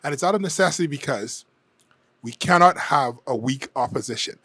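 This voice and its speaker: A man giving his frank, conversational take on an election campaign, often hedging and pausing to think. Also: medium pitch, lively intonation, fairly bright tone, breathy edge, dry recording. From Bahamas. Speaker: political commentator. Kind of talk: casual opinion monologue.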